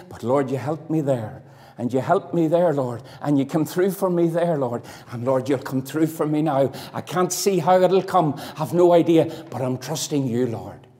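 A man from Northern Ireland preaching a sermon in a church hall, impassioned, swinging from loud declarations to hushed, quiet lines. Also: fairly high pitch.

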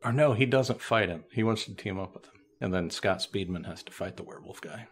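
A man's voice: on the low side, a little fast, husky. A man co-hosting a podcast, recapping a TV episode in casual chat with dry, joking asides. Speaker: podcast co-host.

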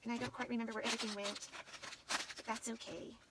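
A woman's voice: a little high, flat delivery, fast, recorded from a distance, heavy background noise. A tired woman vlogger chatting casually at night, half asleep and rambling as she shows her things. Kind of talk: casual late-night vlog chat.

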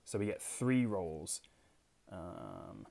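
A young Englishman who hosts a board game channel reads rules aloud and chats casually, self-deprecatingly, about his solo play. His voice is deep and dark with vocal fry, huge pitch swings, and an extremely slow pace.

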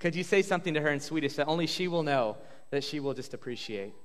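A pastor on a church stage interviewing guests in an upbeat, joking way, halting with fillers. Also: male voice, on the high side, animated. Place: church sanctuary. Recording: long hall reverb.

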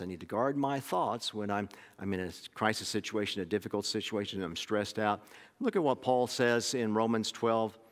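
Pastor preaching in a reverberant sanctuary. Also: male voice, on the low side. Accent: Oklahoma. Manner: conversational storytelling with frequent restarts. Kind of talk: sermon. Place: church sanctuary.

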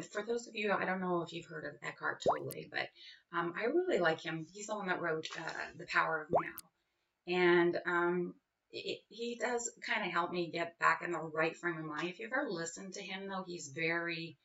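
A woman in her forties chats casually in a vlog, wandering off track and circling back with lots of fillers. Her voice sits low with a gravelly edge. She sounds set back from a dull, lo-fi mic. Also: moderate pace, a bit bright, recorded from a distance. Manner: rambling, self-interrupting, with many fillers. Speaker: vlogger. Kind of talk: casual personal talk.

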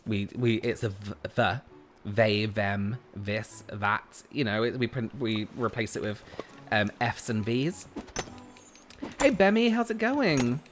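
A man's voice: medium pitch, expressive, measured pace, slight background noise. A man with a southern English accent, chatting casually with his livestream audience, full of restarts and giggles. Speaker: gaming streamer reading chat.

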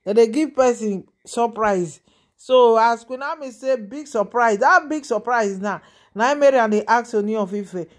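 A woman with a Nigerian Pidgin accent hosting a gossip channel, rambling and animated, often asking her listeners if they understand. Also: fairly high pitch, moderate pace. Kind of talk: casual gossip commentary.

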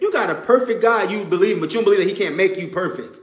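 A man's voice: high-pitched, fast talker, hardly any pauses, fairly bright tone, roomy sound. A man preaching an informal sermon, emphatic and conversational, repeating his points. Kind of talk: informal sermon to a live audience.

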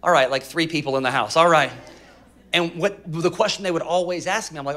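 A man's voice: on the high side, fairly quick. A male pastor preaching a sermon to a live congregation, telling stories, acting out voices and firing questions at the room. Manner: animated storytelling, acts out voices, asks congregation questions. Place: church auditorium with a live congregation.

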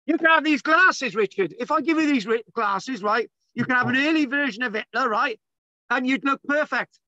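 A man's voice: very high voice, normal speed, pushed and bright, no echo, highs cut off. A man giving a casual online lecture, exasperated and bantering, swearing often.

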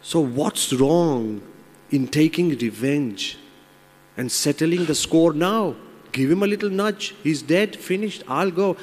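A man's voice: on the high side, lively intonation, slow pace. A man voicing a persuasive lion in a fable, coaxing and tempting. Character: tempting lion, king of the jungle. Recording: long hall reverb.

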